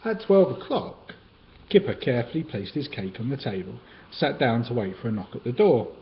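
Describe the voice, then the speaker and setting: A man reading children's picture books aloud in a gentle, sing-song storytelling way, on a dull, lightly hissing recording. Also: medium pitch, expressive, fairly quick.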